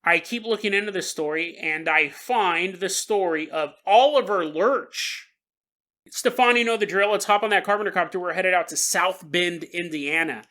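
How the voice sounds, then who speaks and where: A man's voice: high-pitched, normal speed. A man hosting a podcast who tells a strange story in a comic way. He laughs often and talks straight to the listener. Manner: animated, laughing, jokes to the listener. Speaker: podcast host. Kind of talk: comedic paranormal storytelling.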